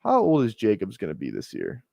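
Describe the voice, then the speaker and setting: A man's voice: fairly low pitch, huge pitch swings, brisk, vocal fry, a little mellow, no room sound, clean studio sound. A man giving casual live-stream commentary on his fantasy football draft, rambling and correcting himself as he thinks aloud.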